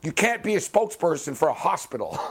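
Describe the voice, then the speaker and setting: Brief: male sports radio host, fired-up rant, voice a bit high, swearing and heckling, late-night call-in style. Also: big pitch swings, brisk, husky. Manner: angry, swearing, heckling athletes by name; bursts of loud high-pitched exclamation.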